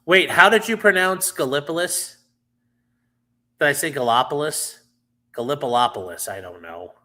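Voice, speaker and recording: A man's voice: on the high side, very animated, moderate pace, bright, forceful tone. A man hosting a livestream in a loose, rambling chat with viewers, full of fillers and casual swearing. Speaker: livestream host.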